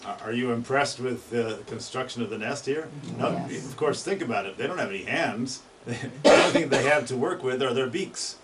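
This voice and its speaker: A man's voice: mid-range voice, animated, fairly quick, far from the mic, noisy background. A man giving a casual, enthusiastic talk on songbirds, sometimes imitating their calls. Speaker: birding presenter. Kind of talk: informal talk on birdsong.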